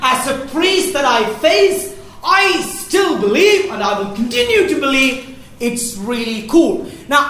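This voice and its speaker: An animated woman presenting a Catholic faith workshop, often laughing as she talks. Her high voice swings widely in pitch. She is heard from a distance in a very echoey hall, with faint background noise.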